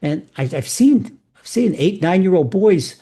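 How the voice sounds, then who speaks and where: A man's voice: high voice, animated, a little slow, mellow, breathy edge. A man speaking as a rabbi, giving an earnest spiritual sermon and repeating phrases for emphasis.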